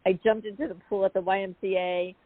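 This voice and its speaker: A woman guest on an interview show, telling a personal story in a chatty, animated way with many asides. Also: medium pitch, quick pace, no echo. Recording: phone-like dry call audio.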